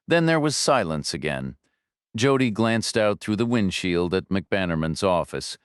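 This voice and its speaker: Low, smooth-voiced male audiobook narrator. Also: sing-song, a little slow, no echo, clean studio sound. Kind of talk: scripted narration.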